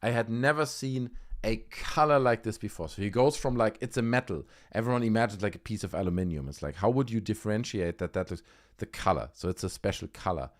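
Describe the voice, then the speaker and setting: A man's voice: on the low side, fast talker. A man hosting a livestream, giving casual, sarcastic commentary and swearing freely. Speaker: livestream host.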